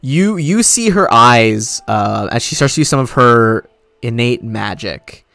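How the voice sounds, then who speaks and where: A man narrating as game master of a live tabletop game, relaxed with many fillers. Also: mid-range voice, measured pace, gravelly, no echo.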